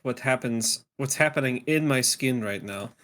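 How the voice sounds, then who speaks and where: A man's voice: mid-range voice, moderate pace, a bit bright. A man playing a tabletop game, chatting casually with apologetic, playful reactions. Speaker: player.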